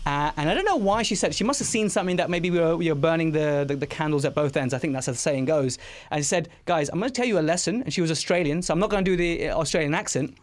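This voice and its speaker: A podcast host speaks quickly and eagerly, stumbling and restarting as his ideas tumble out. His voice sits a little higher than most men's. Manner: enthusiastic, rapid, with frequent restarts. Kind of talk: casual conversational interview.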